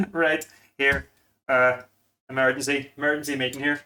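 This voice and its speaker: A man's voice: mid-range voice, level tone, moderate pace, bright, forceful tone, slight background noise. Rambling man, chatty asides. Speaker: food vlogger. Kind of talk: casual home cooking demo.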